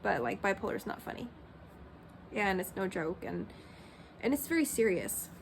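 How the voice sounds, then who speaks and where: A woman's voice: mid-range voice, very animated, moderate pace, creaky. Candid rambling woman vlogging, faint hiss. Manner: candid, rambling, with many fillers and self-quotes. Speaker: Christian vlogger. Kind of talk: personal vlog monologue.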